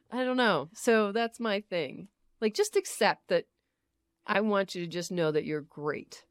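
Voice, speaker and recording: A woman co-hosting a podcast in casual chat, animated, laughing often and swearing freely into a studio microphone. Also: mid-range voice, slow pace, dry recording. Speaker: podcast co-host.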